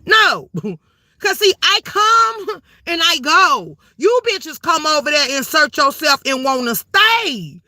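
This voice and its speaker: A woman hosting a livestream, spilling gossip to her chat in a brash, profane way. She laughs often and keeps calling the viewers "baby". Her high voice has a hard, piercing edge, and it sounds close and dry. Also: very animated, slow pace, sharp tone, dry recording. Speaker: livestream host. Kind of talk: casual gossip commentary to a live chat.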